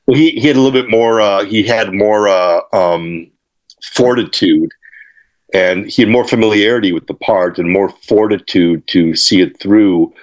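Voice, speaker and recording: An older man as an interview guest, telling studio stories in a rambling, halting way, with many fillers and restarts. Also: deep voice. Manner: acts out quotes and laughs while telling stories. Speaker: interview guest, guitarist and author. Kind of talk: casual interview storytelling.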